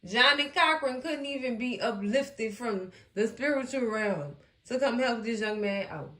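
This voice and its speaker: A woman hosting a casual TV recap, animated and acting out the characters as she chats to her viewers. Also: on the high side, a little slow, reverberant. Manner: animated, acts out characters, talks to viewers as cousins. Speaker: recap host.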